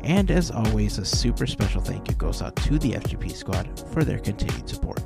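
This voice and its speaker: A man's voice: on the low side, big pitch swings, brisk, gravelly, over loud music. A man hosting a podcast, chatting casually and rambling through stories with many restarts. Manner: rambling, self-correcting storyteller. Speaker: podcast host.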